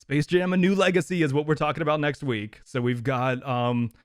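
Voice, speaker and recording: A man co-hosting a podcast, chatting casually in an excitable, enthusiastic way. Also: on the high side, no echo, clean studio sound. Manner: excitable, enthusiastic, quick to laugh. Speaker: podcast co-host. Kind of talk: casual chat.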